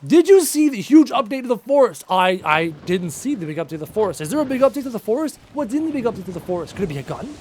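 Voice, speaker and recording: A man's voice: sits high, sing-song, fast talker, hardly any pauses, darkish tone, breathy edge. A man from Canada chatting casually on a live game stream, answering chat and repeating himself with emphasis. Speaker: gaming streamer.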